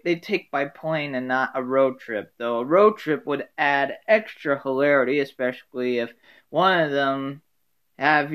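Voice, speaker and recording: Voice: mid-range voice, smooth, highs cut off. A sitcom fan talking casually, rambling and apologising as they imagine a crossover plot.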